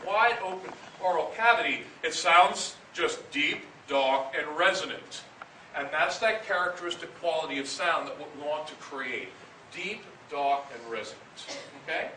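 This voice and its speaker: A man's voice: a little high, bright, forceful tone. A man leading students through breathing exercises as a band director, patient and repeating key phrases as he counts aloud. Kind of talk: instructional talk to students. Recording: echoey room, distant mic, noisy.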